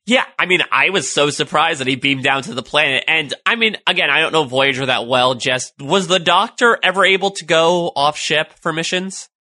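Guy cohosting a fan podcast, higher voice, kinda sharp and bright, jokey and chatty. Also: dry recording. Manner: chatty, jumps in with quick jokes. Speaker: podcast co-host. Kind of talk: casual fan discussion.

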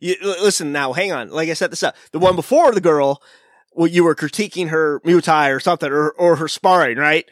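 Teasing podcast host, crude jokes. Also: male voice, on the high side, a little fast, dry recording, clean studio sound. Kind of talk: casual podcast chat.

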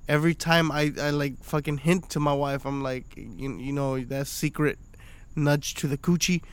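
A man in his thirties chatting casually on a podcast, swearing freely, animated and laughing often. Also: on the high side, moderate pace, smooth, dry recording. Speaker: podcast co-host.

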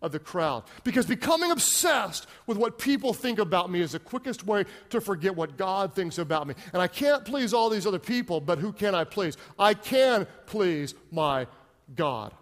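A man's voice: sits high, in a large hall. A male pastor giving an emphatic sermon, leading call-and-response.

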